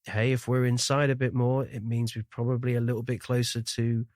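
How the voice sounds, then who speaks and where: A man who grew up in the Shetland Islands and speaks with a faded, neutral accent, hosting a podcast in casual chat, self-deprecating and quick to laugh. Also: mid-range voice, level tone, darkish tone, dry recording, clean studio sound. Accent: neutral, faded Scottish. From Shetland Islands, Scotland. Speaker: podcast host.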